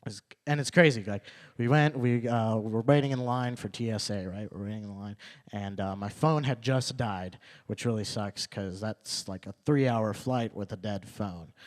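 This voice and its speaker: A man's voice: fairly low pitch, normal speed. A young man performing a stand-up comedy set at a small club open mic, telling stories loosely, repeating his lines and acting out quotes.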